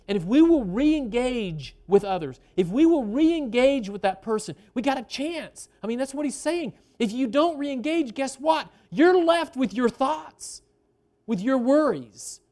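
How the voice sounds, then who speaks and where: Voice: medium pitch, animated, normal speed, warm tone. A pastor preaching a sermon in a conversational way, often asking the congregation questions and stretching out key phrases for emphasis.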